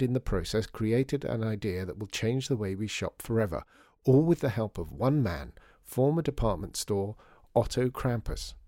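A male storyteller reads with lively, expressive rises and falls in pitch. His voice is mellow and dark, recorded close on a dry studio mic. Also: no room sound. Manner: expressive reading. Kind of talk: scripted story narration.

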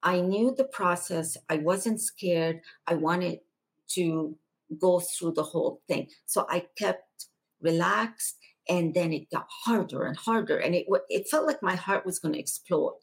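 A woman guest on a podcast, earnestly recounting a personal testimony and going hushed for the quieter moments. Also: lowish voice, measured pace, breathy edge.

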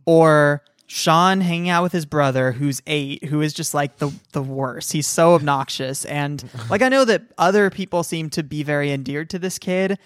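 A woman co-hosting a casual chat about video games, animated and rambling, laughing often. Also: low voice, moderate pace, few pauses, clear, resonant tone, no room sound, studio quality. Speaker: podcast co-host.

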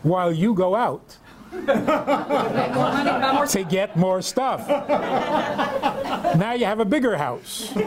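Animated high-voiced man giving a lecture. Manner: humorous storytelling with rhetorical questions. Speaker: rabbi. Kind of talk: lecture to a live audience.

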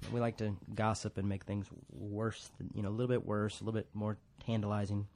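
A man's voice: fairly low pitch, little pitch movement, fairly quick, darkish tone. Guy preaching in church, rambly and jokey, keeps laughing at himself. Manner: rambling, self-deprecating, laughs often. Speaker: pastor. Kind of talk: casual conversational sermon.

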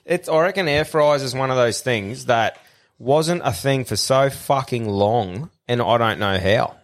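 A man's voice: medium pitch, unhurried. Casual Australian host, young guy, sweary and laddish. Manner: laddish, sweary, laughing storyteller. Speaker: podcast host. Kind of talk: casual chat.

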